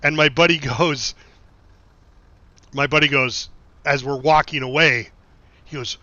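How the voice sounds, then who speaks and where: On a dull, dry lo-fi stream mic with no room sound, a middle-aged American game streamer rambles through swear-filled stories, laughs at his own asides, and reads chat in a casual session. His medium-pitched voice is bright and forceful, with fairly even intonation and a slightly slow pace.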